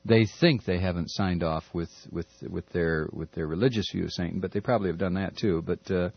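A man's voice: low-pitched, fairly quick, gravelly, breathy edge, no room sound. A man delivering an impassioned, stammering, sarcastic political rant as a talk radio host. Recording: dull lo-fi recording.

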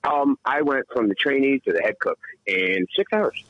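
A man's voice: medium pitch, very animated, normal speed, vocal fry, slightly rough, no echo, narrow, tinny audio. A man with an English accent calling in to a radio show, rambling and profane in a theatrical way. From England. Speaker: radio caller. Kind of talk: rambling comic call-in chat.

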